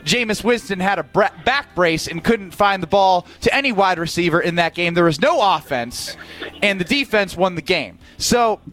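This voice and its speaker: A man's voice: high voice, lively intonation, normal speed, a bit bright, soft background music. Rambling earnest man on sports radio. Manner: rambling, earnest, self-deprecating. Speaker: radio co-host. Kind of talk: comedic sports talk.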